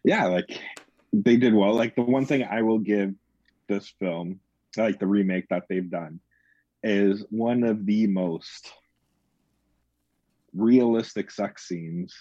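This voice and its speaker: A man's voice: fairly low pitch, fairly even intonation, takes it slowly, pauses often, mellow, husky, no room sound. A man in casual chat about horror films, rambling with lots of fillers and restarts. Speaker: podcast co-host. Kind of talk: casual film discussion. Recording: dull, dry lo-fi sound.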